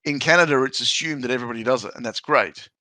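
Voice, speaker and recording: A man's voice: medium pitch, fast talker, sharp tone, dry recording. Chatty man hosting a podcast. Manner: chatty, joking, repeats himself. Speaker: podcast host. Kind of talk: casual chat.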